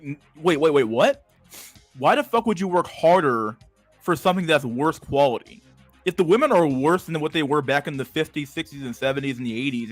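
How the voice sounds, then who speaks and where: A young man hosting a livestream, ranting casually with heavy swearing and loud bursts of laughter. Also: a little high. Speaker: livestream host.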